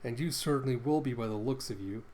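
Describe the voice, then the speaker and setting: A man's voice: medium pitch, darkish tone, natural voice. A man doing a brash, foul-mouthed half-wolf girl. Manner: quick, sarcastic retorts.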